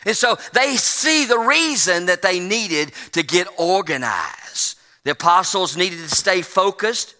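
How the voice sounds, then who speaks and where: High, bright-voiced preacher man. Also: lively intonation, measured pace, few pauses, long reverb tail. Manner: preacherly, rising to emphatic peaks and dropping low; folksy, addresses congregation as folks. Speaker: pastor. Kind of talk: sermon.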